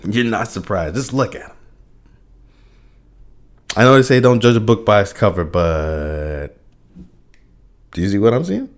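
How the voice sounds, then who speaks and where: A man's voice: fairly low pitch, sing-song, unhurried, pauses often. A young man hosting a solo podcast, ranting with profanity, frequent restarts and bursts of laughter. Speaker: podcast host.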